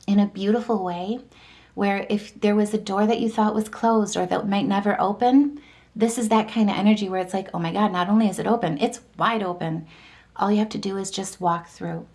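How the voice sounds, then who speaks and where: A woman's voice: medium pitch, steady tone, moderate pace, mellow. A woman giving a casual, upbeat horoscope reading, chatty and encouraging, running through long lists of keywords. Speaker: tarot and astrology reader.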